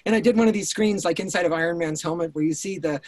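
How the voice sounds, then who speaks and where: A man's voice: a little high, fast talker. Intense, restless man telling stories. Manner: intense, swears, many restarts. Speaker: writer-director guest. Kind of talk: casual interview storytelling.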